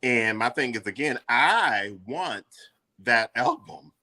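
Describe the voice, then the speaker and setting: A man hosting a casual podcast chat, loud and profane, breaking now and then into high falsetto singing. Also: lively intonation, takes it slowly. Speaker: podcast host.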